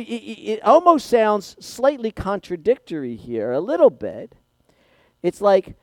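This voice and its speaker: Dynamic preacher, soft to booming. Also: male voice, dry recording. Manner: dynamic preaching, swings from hushed to loud. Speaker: pastor. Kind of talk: sermon.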